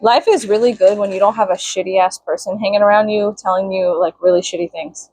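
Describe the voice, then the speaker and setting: A woman's voice: medium pitch, steady tone, fairly quick, darkish tone, no room sound. A young woman vlogging casually, venting with lots of swearing and bursts of mock-outraged shrieking.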